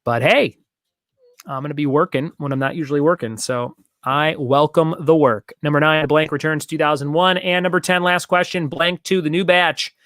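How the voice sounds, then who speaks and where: A man's voice: on the high side, fairly even intonation, normal speed, fairly bright tone, dry recording, clean studio sound. A man hosting a casual online trivia night, chatting in long rambling asides and repeating each question. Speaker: trivia host.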